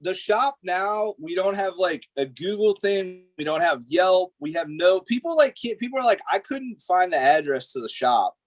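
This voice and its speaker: A man chatting as a podcast guest tells stories with lots of energy, packing in fillers and curses. His voice sits a little high. The sound is dry, with no room echo. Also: moderate pace, hardly any pauses. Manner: animated storytelling, heavy swearing, frequent "like" and "dude". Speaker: guest tattoo artist. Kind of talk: casual podcast chat.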